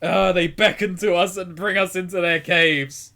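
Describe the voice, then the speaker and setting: A man's voice: sits high, fairly even intonation, normal speed, creaky, bright, forceful tone. A man giving casual, rambling let's-play commentary, laughing often. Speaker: game commentator playing.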